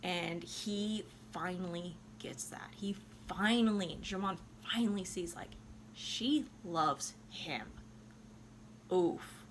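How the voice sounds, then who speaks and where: A woman's voice: fairly low pitch, takes it slowly, slight background noise. A tipsy woman casually retelling an opera plot in a loose, profane way, full of "like". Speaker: opera reviewer.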